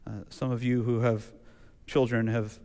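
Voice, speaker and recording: A man preaching a sermon in a relaxed, conversational way, telling stories and acting out quotes. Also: mid-range voice, a little slow, smooth. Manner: conversational, animated storytelling with acted quotes. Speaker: pastor. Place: church sanctuary. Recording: church hall reverb.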